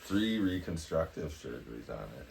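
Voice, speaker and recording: A man's voice: very deep voice, big pitch swings, moderate pace, a little mellow. A man co-hosting a podcast, telling a story in a laid-back way. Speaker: podcast co-host. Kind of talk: casual chat.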